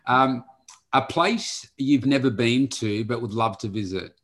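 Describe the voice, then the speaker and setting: A male podcast host in a casual chat, asking quick-fire questions. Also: medium pitch, fairly bright tone.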